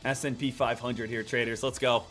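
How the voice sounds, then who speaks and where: A man streaming live stock trades, muttering over charts and then ranting loudly and excitedly. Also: mid-range voice, moderate pace, faint music behind. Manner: swings from muttered chart reading to loud excited rants. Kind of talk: live trading stream commentary.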